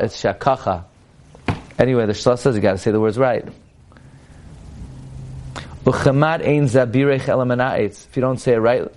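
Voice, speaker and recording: Animated man teaching a Torah class. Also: medium pitch. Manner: animated lecturing, mixing English with Hebrew and Yiddish-accented quotes.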